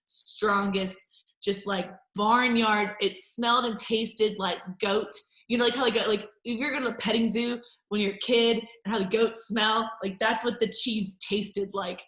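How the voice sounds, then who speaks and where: A woman's voice: medium pitch, a bit bright, echoey room. A woman talking casually about wine and cheese pairings, chatty and full of filler words. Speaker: wine bar general manager. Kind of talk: casual wine and food chat.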